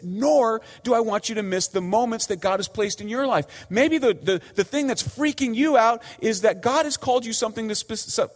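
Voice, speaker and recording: A man's voice: a little high, in a large hall. A man preaching a sermon in an earnest, pleading way, his voice rising and falling for emphasis. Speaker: pastor.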